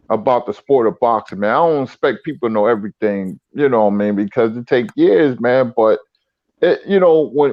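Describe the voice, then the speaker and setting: A man's voice: medium pitch, no echo. A man on a boxing talk panel speaking humbly and emphatically in casual street talk. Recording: dull dry lo-fi audio.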